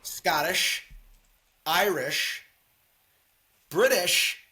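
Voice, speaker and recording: A man co-hosting a casual podcast, chatting about movies and sports with a laughing, animated manner. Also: high voice, extremely slow. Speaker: podcast co-host.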